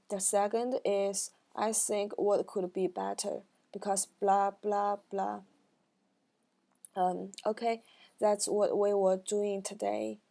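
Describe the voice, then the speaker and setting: Young woman student, class recap, slow, flat, creaky, halting non-native phrasing. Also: mid-range voice.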